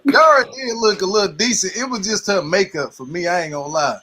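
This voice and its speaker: Laid-back slangy man, high bright voice. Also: a little fast, breathy edge. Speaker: co-host reacting to a reality show. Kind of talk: casual chat.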